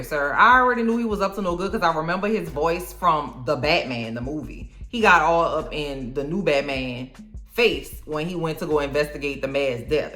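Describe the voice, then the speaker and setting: Animated, sassy woman recapping TV. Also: mid-range voice. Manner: sassy, animated, joking, slangy. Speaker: video host. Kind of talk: casual TV recap reaction.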